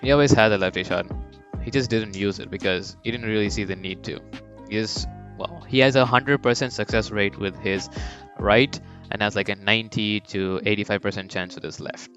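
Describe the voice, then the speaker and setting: Casual young male storyteller, slightly low voice, loose and profane delivery, lo-fi mic with soft music underneath. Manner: rambling, swears, jumps into quick high character voices. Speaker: fan storyteller. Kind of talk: casual unscripted fan-story narration. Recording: dull lo-fi mic with faint background music.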